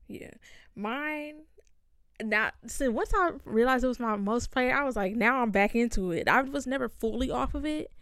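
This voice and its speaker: A woman's voice: medium pitch, creaky, a bit bright, no room sound, studio quality. A woman co-hosting a casual chat podcast, talking hesitantly and searching for words. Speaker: podcast co-host.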